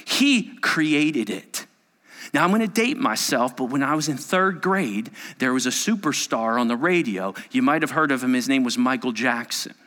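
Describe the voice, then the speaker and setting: A man in his forties preaching a sermon as a pastor, animated and quick to act out the people he describes. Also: mid-range voice. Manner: animated, acting out quoted people in quick impressions.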